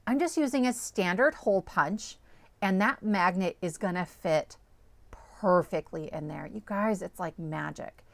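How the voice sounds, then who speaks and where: A woman's voice: fairly low pitch, a little slow, vocal fry, no echo. A woman host walking viewers through a card-making project, chatty and upbeat, often checking in with "okay?" and "right?". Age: adult, parent of small children. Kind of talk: step-by-step crafting tutorial.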